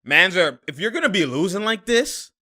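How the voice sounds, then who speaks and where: A young man reacts live to a basketball game. He sounds exasperated and slangy, and he laughs and shouts at the plays. His voice is bright and forceful, pitched a little high. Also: very animated, normal speed. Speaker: sports commentator reacting to a game.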